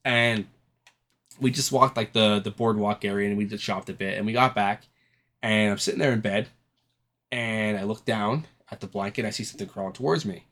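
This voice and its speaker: A man's voice: lowish voice, normal speed, a bit bright. A man co-hosting a casual podcast chat, telling a rambling story full of swearing and acting out the people he quotes. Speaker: podcast co-host.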